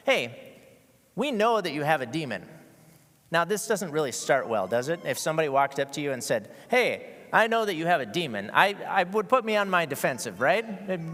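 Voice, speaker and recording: Male preacher, conversational and joking, rather high and very animated voice, long hall reverb. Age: adult with school-age kids. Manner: casual, joking, with many fillers and restarts. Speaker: guest preacher. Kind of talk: conversational sermon. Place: church sanctuary with a masked congregation.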